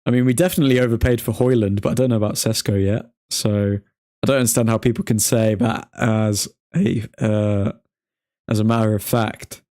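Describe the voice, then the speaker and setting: A man's voice: lowish voice, steady tone, normal speed, dark tone. Chatty man hosting a live stream. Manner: chatty, reads updates aloud, hums while scrolling. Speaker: livestream host reading transfer news. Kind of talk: casual live stream chat.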